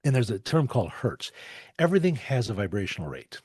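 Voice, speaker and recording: A man's voice: lowish voice, very animated, a little fast, darkish tone, slightly rough, no echo, clean studio sound. A man in his forties, a podcast guest telling long anecdotes, repeating words as he thinks and laughing often. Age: 40s. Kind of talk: storytelling in a podcast interview.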